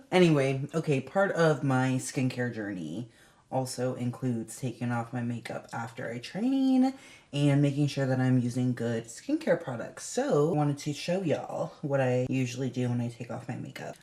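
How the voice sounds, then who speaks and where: A woman's voice: rumbling low, a little mellow. A young woman chatting candidly in a casual vlog, swearing freely as she talks. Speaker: vlogger, pro bodybuilder.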